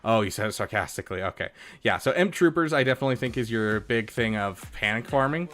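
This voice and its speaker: A man's voice: medium pitch, animated, fast talker, fairly bright tone. A man casually commenting on a live stream, thinking aloud with frequent fillers. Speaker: streamer reviewing game accounts.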